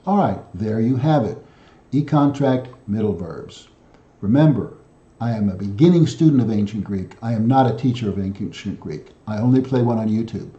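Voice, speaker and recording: A man with a low, very mellow voice talks through a grammar lesson, spelling out each form slowly and carefully and pausing often. The sound is dull and boomy, as if recorded in a bare room. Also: expressive, echoey room. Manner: methodical, spells out letters one by one with frequent pauses. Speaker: self-taught Greek lesson presenter.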